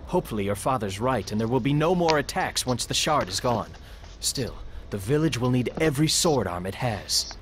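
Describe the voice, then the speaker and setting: An actor voicing an earnest, dutiful young village militiaman in a video game, sincere and warm-hearted. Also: medium pitch, lively intonation, moderate pace, slight background noise, close to an everyday voice.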